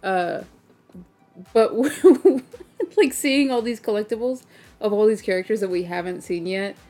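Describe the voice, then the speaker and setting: A woman's voice: mid-range voice, lively intonation, a little slow, dark tone, faint music behind. Chatty woman co-hosting an anime podcast. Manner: chatty, laughs often, tells stories with quoted voices. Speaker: podcast co-host. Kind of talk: casual chat.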